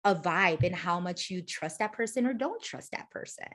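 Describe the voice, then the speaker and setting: A young adult woman, a guest in a casual interview, telling lively stories, acting out other people's voices and swearing now and then. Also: fairly low pitch, normal speed. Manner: animated storyteller, acts out quoted voices, uses swear words. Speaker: interview guest, former reality show contestant.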